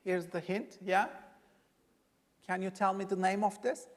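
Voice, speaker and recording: A man's voice: high-pitched, fairly even intonation, unhurried, big-room sound. A man giving a workshop lecture, quizzing his audience and stressing key points. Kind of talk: classroom lecture.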